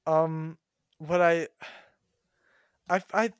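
A man's voice: on the high side, flat delivery, very slow, clean tone, no echo, studio quality. A young man in casual podcast chat, answering quiz questions and retelling stories with animation. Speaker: quiz contestant, co-host.

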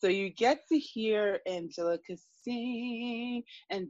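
This is a woman co-hosting a casual podcast, chatting in an animated way that keeps the story moving. Her voice is recorded dry and up close. The sound is a little dull and lo-fi. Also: on the high side, slow pace, no room sound. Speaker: podcast co-host.

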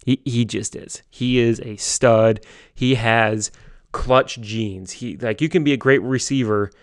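A young man giving solo sports commentary from home, excitable and gushing, often repeating and restarting himself. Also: mid-range voice, dry recording, studio quality. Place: home basement.

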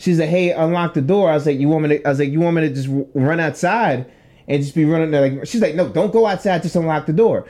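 On a podcast, a young male co-host recounts a long, profane story at a quick clip, his voice leaning high. The chat is casual, and he brings the story to life by acting out each quoted voice.

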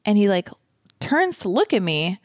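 A woman's voice: medium pitch, very animated, normal speed, no echo, studio quality. A young woman telling a story in a casual chat, acting out both sides of the dialogue.

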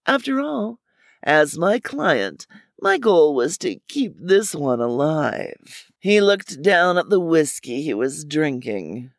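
A man narrating a first-person crime story in a wry, deadpan way. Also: fairly high pitch, slow, creaky, no echo, studio quality.

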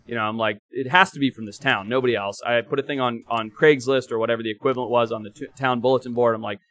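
A young man from Africa, co-hosting a podcast, telling stories in an animated, emphatic way, sometimes swearing. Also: mid-range voice, fast. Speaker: podcast co-host. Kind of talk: casual chat and storytelling.

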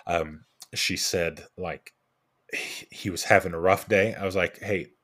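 A man with a deep, low voice tells a story in a relaxed podcast chat. He is a young adult and slips into quick impressions of the people in his story. He often stops and restarts his sentences. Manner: animated anecdote-telling with quoted voices and restarts. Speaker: podcast co-host. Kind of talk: casual storytelling.

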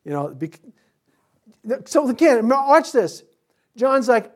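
Pastor preaching with lively asides. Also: male voice, very high-pitched, moderate pace. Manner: conversational preaching with humorous asides and sudden bursts of excitement. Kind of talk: sermon.

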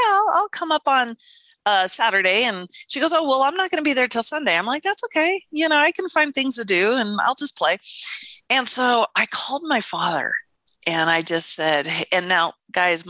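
A woman's voice: medium pitch, pushed and bright, dry recording. A middle-aged woman co-hosting a podcast in casual chat, telling stories animatedly, acting out quotes and swearing casually. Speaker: podcast co-host.

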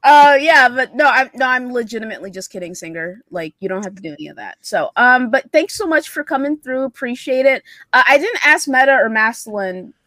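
Relaxed woman hosting a podcast. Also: high-pitched, fairly quick, few pauses, no room sound. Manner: loose, laughing, swears casually. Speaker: podcast host. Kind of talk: casual chat.

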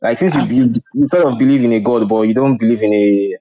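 A man in a casual online audio-room discussion asking quick, probing questions. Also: mid-range voice, warm tone, dull audio. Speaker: room participant.

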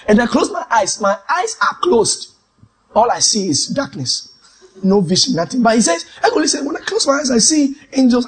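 Preacher guy, kinda husky and high, gets loud then drops real quiet, testimony sermon. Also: very animated, a little fast. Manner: dramatic, swings from shouts to hushed asides.

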